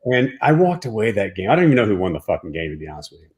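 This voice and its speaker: A man's voice: on the low side, big pitch swings, rapid-fire. A man from the Dallas-Fort Worth area of Texas, a former pro baseball player, telling a personal story as a guest in a casual, profane, emphatic way.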